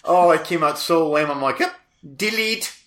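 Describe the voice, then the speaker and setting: A man's voice: on the high side, fairly even intonation, fairly quick, echoey room. A man co-hosting a casual podcast chat, rambling and self-deprecating, with lots of fillers and a crackly voice. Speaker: podcast co-host.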